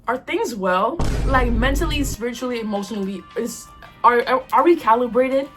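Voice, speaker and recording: Young female vlogger, high voice, loud and fed up, faint music underneath. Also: lively intonation, moderate pace. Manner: loud, exasperated, swearing often. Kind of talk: reaction commentary reading texts.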